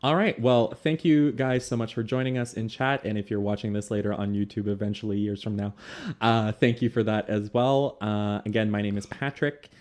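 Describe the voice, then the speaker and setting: A man's voice: on the low side, fairly even intonation, normal speed, few pauses, a little mellow. A Canadian man, the game master hosting the show, talking casually in a chatty, rambling way with frequent laughter. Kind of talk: casual chat.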